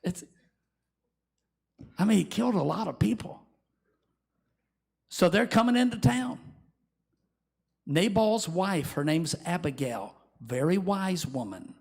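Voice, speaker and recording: A man preaching a sermon as pastor, telling Bible stories in an animated way and acting out the voices of the people in them. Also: high-pitched, unhurried, vocal fry, long pauses, husky.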